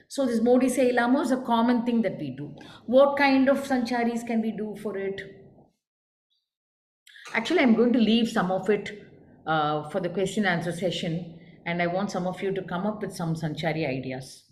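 A woman's voice: mid-range voice, lively intonation, moderate pace, a little mellow, slight background noise. Woman teaching dance, echoey room. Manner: explanatory, asks students questions. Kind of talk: lecture on dance interpretation. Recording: echoey room with faint ambience.

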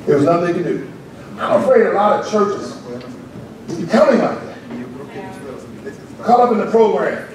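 Man preaching in a big echoey church, kinda high voice, acts out the story, quizzes the crowd. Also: a little mellow, recorded from a distance. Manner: storytelling, acts out cheering crowds, asks the congregation questions. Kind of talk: sermon. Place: church sanctuary.

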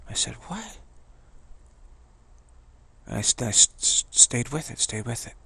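An older man gives a meditative spiritual teaching in a gravelly, husky voice that is mid-range, bright and forceful. He speaks haltingly, with frequent restarts and pauses.

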